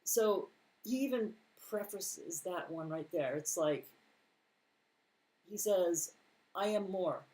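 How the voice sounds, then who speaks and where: A man's voice: high voice, expressive, slow pace, pauses often, a little mellow, low-quality recording. A man reading scripture aloud and commenting on it in a casual, conversational Bible teaching, with mild sarcastic asides. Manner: reads scripture aloud, then comments plainly.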